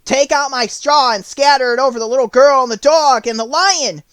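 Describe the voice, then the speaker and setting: A man voicing a brave, cheerful male scarecrow in an audiobook, speaking eagerly and loud. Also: very high voice, moderate pace, clear, resonant tone, dry recording, pitched above the performer's own voice. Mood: bold. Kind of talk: audiobook character voice.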